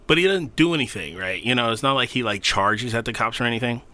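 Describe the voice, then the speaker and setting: Animated, bright-voiced man telling stories. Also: medium pitch, fast talker. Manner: animated storytelling, swearing, laughing, acting out quotes. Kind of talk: casual profane chat.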